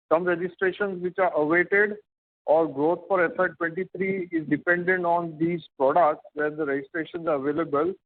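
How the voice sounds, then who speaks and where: A man's voice: a little high, no room sound. A male analyst with an Indian English accent asking careful, detailed clarifying questions on an earnings call. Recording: dry tinny phone line.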